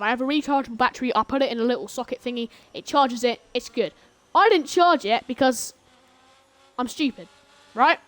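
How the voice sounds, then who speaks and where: High-pitched excitable woman race commentator. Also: dry recording. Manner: excitable, grumbling asides, bursts into shouts during battles. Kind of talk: live sim racing commentary.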